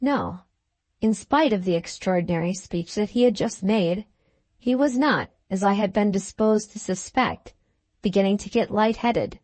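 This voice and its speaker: A woman narrates a classic novel in a measured, even storytelling way. Her voice sits at an ordinary pitch for a woman. The recording is dry and close, with no room around it. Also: no echo. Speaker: audiobook narrator. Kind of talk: scripted audiobook narration.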